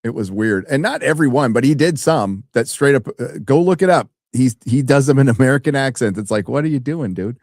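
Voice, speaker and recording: A man co-hosting a review stream, chatting casually and rambling with animated swearing. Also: medium pitch, a little fast, few pauses, dry recording, clean studio sound. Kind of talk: casual chat.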